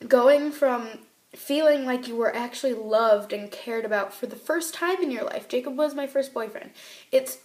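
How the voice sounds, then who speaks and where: Teen girl crying thru a rambly vlog, kinda high voice, roomy echo. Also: normal speed, a little mellow. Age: teens. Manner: rambling, emotional, voice rising and breaking. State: tearful, crying. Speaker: vlogger. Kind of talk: tearful personal vlog.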